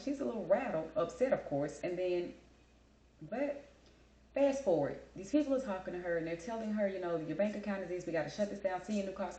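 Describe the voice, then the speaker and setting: A woman's voice: on the low side, warm tone, roomy sound, low-quality recording. A woman hosting a casual chat show, telling a story in a blunt, emphatic, talkative way. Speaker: host.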